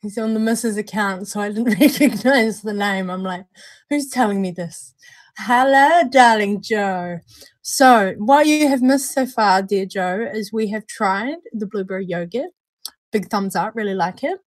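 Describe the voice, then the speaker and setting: A woman's voice: medium pitch, normal speed, no echo. A woman hosting a casual live vape review stream from home, chatty and laughing often. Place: at home, indoors at night.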